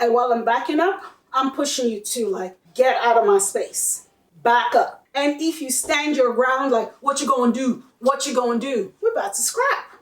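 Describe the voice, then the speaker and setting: Woman, high voice, blunt and fiery monologue, off-mic in an echoey room. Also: far from the mic. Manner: blunt, heated and profane, mocking others in quoted voices. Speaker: vlogger. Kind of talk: impassioned monologue to camera.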